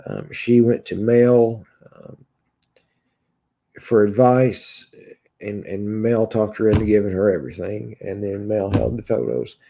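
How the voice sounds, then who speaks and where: A man from Kentucky with a Kentucky accent chats casually on a livestream and answers viewer comments as he reads them out. His voice is low, gravelly and dark. He talks haltingly, with frequent filler sounds and false starts. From Kentucky, USA. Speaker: livestream host reading chat.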